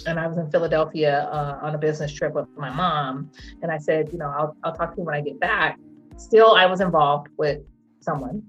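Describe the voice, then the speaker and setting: A middle-aged woman with a fairly low voice tells her story in a casual interview. She is animated, laughs often and acts out quotes in a squeaky voice. The sound is dull and lo-fi, with faint music underneath. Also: fairly quick. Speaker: guest.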